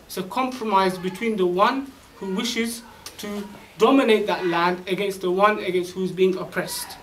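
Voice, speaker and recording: A man preaching an Islamic lecture in a high-pitched, insistent voice. He presses his points with rhetorical questions and recites Arabic verses. The mic sits some distance away, with a faint hiss under his voice. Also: steady tone, normal speed, a bit bright. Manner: emphatic, rhetorical questions, quotes Arabic scripture. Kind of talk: religious lecture.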